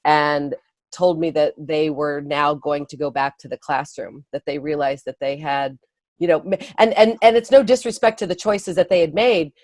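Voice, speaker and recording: A woman guest, an early education speaker and author, explaining her ideas in a conversational interview with quick laughs and restarts. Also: low-pitched, steady tone, a little mellow, no echo.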